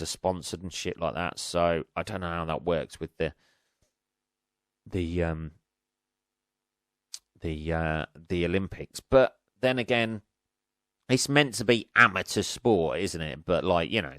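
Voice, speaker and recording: A man's voice: low voice, dry recording, studio quality. A man hosting a solo podcast, ranting casually with lots of swearing and sarcasm, laughing at his own jokes. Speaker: podcast host.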